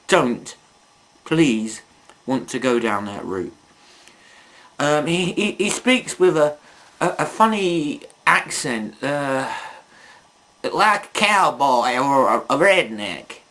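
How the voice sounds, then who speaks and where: A man reviewing toys in a casual video, taking his time over every sentence. He rambles through chatty asides and jokes at his own expense, at a middling pitch. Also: a bit bright. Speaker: toy reviewer.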